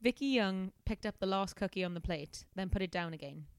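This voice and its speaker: A woman's voice: mid-range voice, lively intonation, a little fast, clean tone, no echo. A young woman, a comedian and scientist, casually reading a novel aloud on a podcast, giggling and breaking off to comment. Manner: giggly, self-interrupting.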